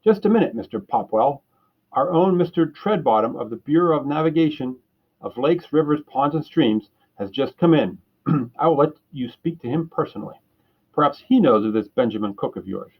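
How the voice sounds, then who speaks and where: A man voicing a fussy, officious city hall clerk on the phone in a children's story reading, pitched high and bright, with a husky voice. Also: lively intonation, moderate pace, muffled recording.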